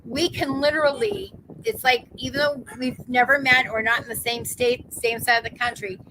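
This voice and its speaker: Woman in her fifties, psychic host, chatty casual live chat, higher voice, noisy background. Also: fairly even intonation, moderate pace, bright, forceful tone. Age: 50s. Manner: chatty, laughs easily, acts out quoted voices.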